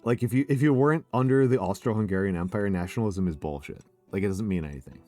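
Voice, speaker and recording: A man's voice: on the low side, fast, dark tone, faint music behind. An American man hosting a casual, tipsy stream chat, rambling and swearing, with laughs between his thoughts. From United States. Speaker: streamer host.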